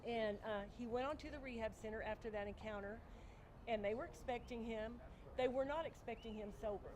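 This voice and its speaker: Seated on a bench outdoors with a noisy background, a woman guest shares a personal faith testimony in conversation. Her voice is fairly high and a little fast, and she's earnest, often acting out her own past dialogue.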